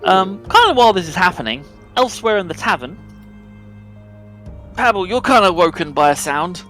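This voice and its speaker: A man's voice: sits high, sing-song, moderate pace, a bit bright, soft background music. A man running a tabletop game as game master, narrating loosely with fillers and hesitations.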